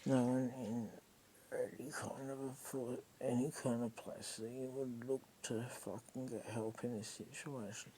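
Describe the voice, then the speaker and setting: A woman's voice: rumbling low, steady tone, a little slow, dark tone, a little hiss or hum, poor audio. An Australian woman telling a personal story in a casual monologue, rambling, swearing freely and emotionally raw.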